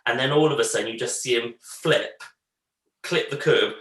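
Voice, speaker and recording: Bright-voiced man telling stories. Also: medium pitch, normal speed, reverberant, poor audio. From Bristol, England. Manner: animated anecdotes, acts out family quotes. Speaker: podcast co-host. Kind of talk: casual storytelling chat.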